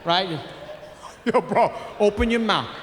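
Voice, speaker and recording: A man in his forties doing a crude, animated stand-up comedy set on a theater stage, with shouted punchlines. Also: high voice, slow pace, a little hiss or hum. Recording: live theater recording with long reverb.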